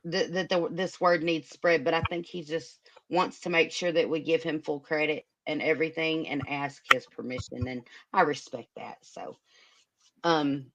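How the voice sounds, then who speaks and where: A woman hosting a casual livestream chat, emotional and hesitant, filling her talk with many ums. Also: sits low. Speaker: livestream host.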